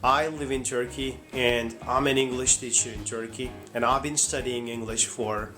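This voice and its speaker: Man, thirties, English teacher, casual vlog talk, mid-pitched voice, soft guitar music behind. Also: fairly even intonation, normal speed.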